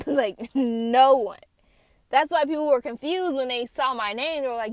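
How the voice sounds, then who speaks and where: A woman's voice: high voice, a little slow, dry recording. Chatty woman with a dry close sound. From United States. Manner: candid, chatty, swears casually. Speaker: vlogger telling personal stories. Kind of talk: casual storytelling. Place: in a car.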